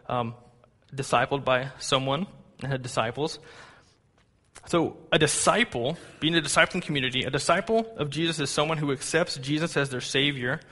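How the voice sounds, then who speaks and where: Bright-voiced man preaching in a hall. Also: on the high side. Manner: conversational storytelling with fillers and asides. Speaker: pastor. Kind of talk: sermon. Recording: long hall reverb.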